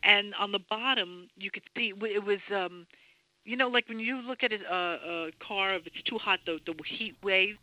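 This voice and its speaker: A woman guest telling a story in an interview, excitable and full of restarts and repeated words. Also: medium pitch, normal speed, dry recording, rough recording.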